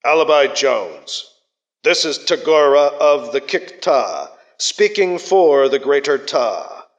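A man's voice: on the high side, animated, takes it slowly. A man voicing a cold, orderly male alien envoy who speaks formally and commandingly through a translated comm channel. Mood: stern. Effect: translated alien voice over comm channels. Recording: dull lo-fi sound with long reverb.

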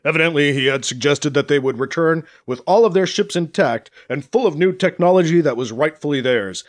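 A man's voice: on the high side, animated, natural voice. A man reading a cautious male commander giving reports. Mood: reporting. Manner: reporting, measured, wry.

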